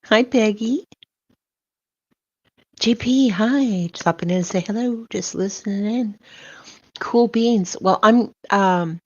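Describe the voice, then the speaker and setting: An older woman hosts a casual livestream, talking in an unhurried, fairly low voice. She greets her viewers warmly, calling them baby and sweetheart. The sound is dry and a little dull, like a lo-fi home mic. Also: no echo. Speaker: livestream host.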